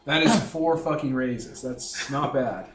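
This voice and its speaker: A man's voice: medium pitch, measured pace, a bit bright. Joking, swearing male game master. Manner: laughing, swearing, self-mocking. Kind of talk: narrating a tabletop game. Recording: echoey room with faint music.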